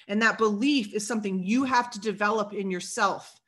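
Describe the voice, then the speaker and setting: A woman giving an energetic motivational talk on sales to her team, preachy in tone and playing out sales dialogue as she goes. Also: medium pitch, fairly quick.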